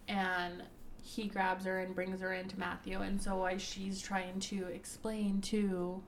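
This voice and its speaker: A woman co-hosting a casual book review chat, recapping scenes in a relaxed storytelling way. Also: medium pitch, vocal fry, slight background noise. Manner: relaxed storytelling recap, plays quoted lines. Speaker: podcast co-host reviewing a book.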